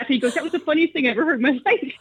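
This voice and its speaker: A middle-aged woman, a former radio personality, telling stories as a guest and acting out quotes with big jumps in pitch. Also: racing, no room sound. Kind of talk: storytelling interview. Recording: dull, dry low-fi studio sound.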